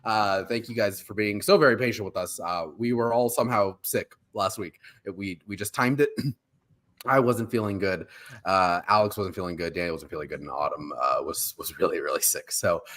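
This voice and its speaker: A man's voice: low-pitched, moderate pace, a bit bright. A man hosting a pop culture podcast in a casual, rambling way, often laughing at himself. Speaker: podcast host.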